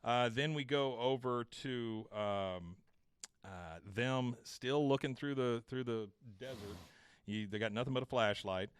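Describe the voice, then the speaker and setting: A man's voice: mid-range voice, unhurried, clean tone, dry recording. A man co-hosting a podcast, recapping an episode in casual chat and acting out the characters' lines. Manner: acts out character lines with raised voice. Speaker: podcast co-host.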